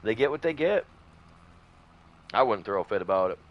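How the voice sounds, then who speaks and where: A man's voice: on the low side, expressive, normal speed, lo-fi sound. A man chatting casually over a farming game, rambling through a long story with many fillers and restarts. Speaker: gaming streamer. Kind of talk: casual gameplay chat.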